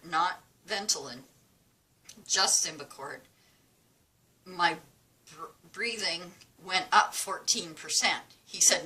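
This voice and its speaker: A woman's voice: deep voice, sharp tone, low-quality recording. A woman vlogger telling a casual, chatty story at home, acting out both sides of a conversation. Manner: chatty, retells dialogue with quoted voices. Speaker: crafting vlogger. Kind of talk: casual storytelling while crafting.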